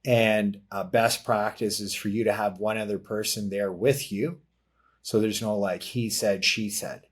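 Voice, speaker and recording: A man's voice: on the low side, steady tone, unhurried, slightly rough. A man appearing as a podcast guest, a martial arts business consultant explaining step by step, with many fillers. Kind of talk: casual podcast conversation.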